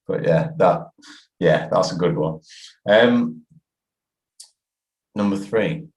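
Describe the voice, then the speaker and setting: A man's voice: sits low, expressive, extremely slow, pauses often, darkish tone. A man hosting a casual podcast, laughing easily and posing questions. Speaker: podcast host. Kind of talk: casual chat. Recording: echoey room.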